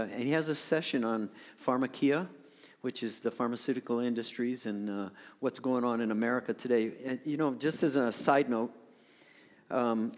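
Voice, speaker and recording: A male pastor giving a sermon in a conversational way, his voice growing louder for emphasis. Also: medium pitch, long reverb tail.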